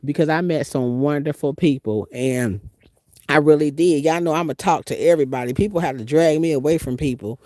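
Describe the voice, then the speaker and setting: A woman from the US Midwest, a van-life vlogger chatting casually with viewers and telling her travel stories with animated, emphatic delivery. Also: brisk, dry recording. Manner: animated, emphatic storytelling with big pitch swings. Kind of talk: casual livestream chat.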